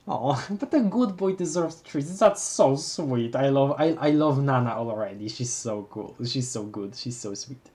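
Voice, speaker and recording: A young adult streamer who reads a webcomic aloud live, with casual commentary, frequent laughter and quick self-corrections. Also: medium pitch, expressive, a little mellow. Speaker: livestream host reading a webcomic aloud.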